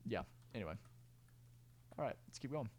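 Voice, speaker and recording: A man's voice: mid-range voice, sing-song, normal speed. A young man talks through his own track, loose and self-correcting, humming rhythms to show his point. His voice sits in a middle register. A clip-on mic picks him up with a noticeable hiss of noise underneath. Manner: rambling, self-correcting, fillers and sung beat sounds. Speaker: music producer giving a tutorial. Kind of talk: casual screen-recorded tutorial.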